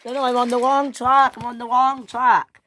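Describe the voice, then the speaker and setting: A performer voicing a smug male train engine who teases and laughs loudly, in a toy train story. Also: medium pitch, unhurried, lightly acted. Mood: flustered. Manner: mocking, loud laughs.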